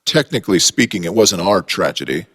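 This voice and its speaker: A man's voice: low voice, sing-song, brisk, fairly bright tone, breathy edge, big-room sound, full character voice. A man voicing a brusque male park veterinarian who talks in a blunt, folksy way. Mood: reassuring.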